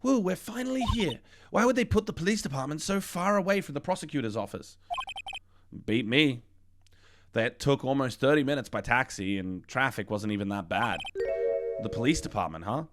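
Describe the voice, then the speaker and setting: A man's voice: mid-range voice, expressive, normal speed. A man streaming a game playthrough, joking and swearing casually while reading the characters aloud, over game music. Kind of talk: game playthrough with voiced dialogue.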